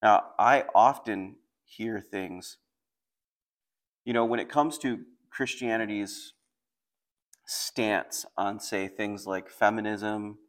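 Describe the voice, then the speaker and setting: A man's voice: fairly low pitch, fairly even intonation, slow. A man preaching a sermon, explaining a passage and reading scripture aloud with rising intensity. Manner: reads scripture aloud with raised intensity between plain explanation. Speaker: pastor.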